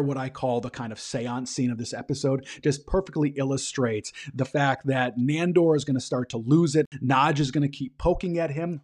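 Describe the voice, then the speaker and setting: A man's voice: on the high side, darkish tone, breathy edge. A man hosting a podcast, casually recapping a TV episode in a loose, chatty way full of fillers. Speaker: podcast host.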